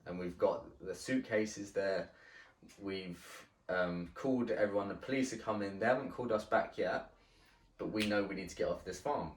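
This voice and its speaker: A man telling a story in casual podcast chat, halting and swearing, with many restarts. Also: sits low, a little hiss or hum. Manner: halting and profane, with frequent restarts. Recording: roomy sound from a distant mic.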